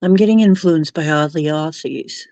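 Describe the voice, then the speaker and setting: A woman's voice: low voice, moderate pace, mellow, dry recording, lo-fi sound. A woman hosting a live stream, chatting casually with viewers and giggling often. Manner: giggly, laughs often while reading chat.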